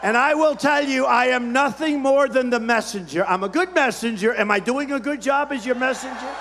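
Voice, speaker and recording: A man's voice: extremely high pitch, fairly quick, noisy background. A man in his seventies giving a campaign speech at a rally, in short, repetitive, boastful phrases. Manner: repetitive, punchy, boastful, shouting over a crowd. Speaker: political candidate at a rally. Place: large rally hall. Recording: long hall reverb from a big arena.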